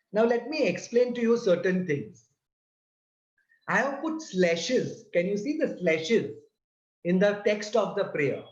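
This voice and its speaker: A man giving a slow, deliberate lesson that explains a prayer and breaks its words into syllables. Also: sits high. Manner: deliberate, repeats and spells out syllables. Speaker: religious teacher. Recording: roomy, slightly dull sound.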